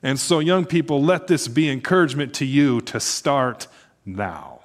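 A man's voice: mid-range voice, lively intonation, a little slow. Earnest male pastor leading prayer. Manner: earnest, inviting, growing hushed in prayer. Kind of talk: sermon closing into prayer. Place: church service.

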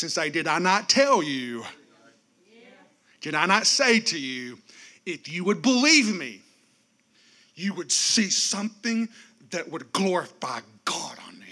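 Bright-voiced preacher, animated. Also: male voice, high-pitched. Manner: animated, with sudden swings between loud and hushed; joking, speaks straight to the congregation. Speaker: pastor. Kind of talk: sermon.

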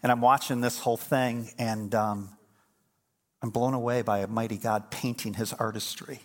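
A man's voice: mid-range voice, steady tone, normal speed. A middle-aged man preaching a sermon as pastor, telling stories and building to emphatic, fervent points. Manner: storytelling, swings from quiet to emphatic.

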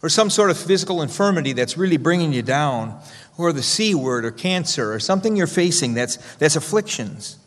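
A pastor preaching a sermon, rising to loud emphasis and dropping to hushed, slow quotations. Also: male voice, on the high side, expressive. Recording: long reverb of a church hall.

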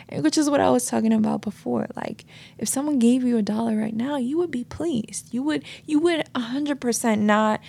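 Earnest woman with a gravelly, husky voice. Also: a little high, darkish tone. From United States. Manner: casual, earnest, storytelling with many "like" and "you know". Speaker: podcast host. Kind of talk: reflective solo podcast talk. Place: New York City.

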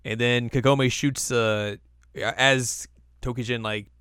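A man's voice: medium pitch, fairly even intonation, slow, fairly bright tone, smooth, no echo, studio quality. A man co-hosting a podcast, casually recapping episodes in a laid-back, loose way. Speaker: podcast co-host.

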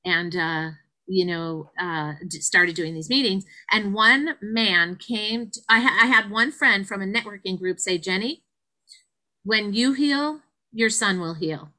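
A middle-aged woman, a guest, telling her story in an animated way and acting out the quotes. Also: a little slow, low-quality recording. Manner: animated, acts out quotes with big pitch jumps. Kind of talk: conversational storytelling.

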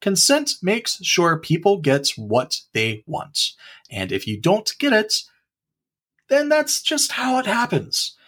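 Animated male co-host, swooping higher voice, blunt. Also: slow pace. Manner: animated, blunt, jokey emphasis. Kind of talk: casual discussion.

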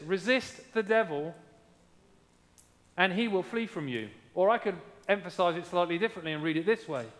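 A man's voice: sits high, fairly bright tone, in a large hall. A man preaching a sermon as pastor, emphatic, repeating key lines and asking his congregation how they are doing.

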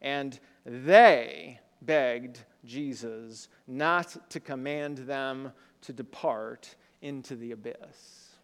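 A man's voice: mid-range voice, extremely slow, few pauses. A man preaching a sermon in a conversational way, often asking the congregation rhetorical questions. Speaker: pastor. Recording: long hall reverb.

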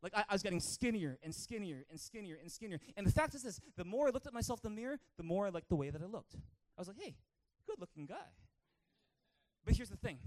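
A man with a Canadian accent preaching a lively sermon in church, calling for amens and acting out a childhood story. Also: high voice, fast talker, hardly any pauses. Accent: Canadian English. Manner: energetic, calls for amens, tells stories with acted-out voices. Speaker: pastor.

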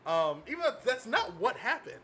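A man's voice: very high voice, very animated, moderate pace, bright, forceful tone, slight background noise. A man narrating as game master in a tabletop game, describing scenes casually with many fillers.

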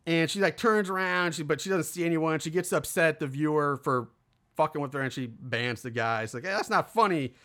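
A man's voice: on the high side, steady tone, a little fast, a bit bright. A man casually recapping a film's plot, rambling with fillers and acting out the lines of the characters. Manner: rambling, lots of fillers, acts out quotes. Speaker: podcast co-host recapping a film.

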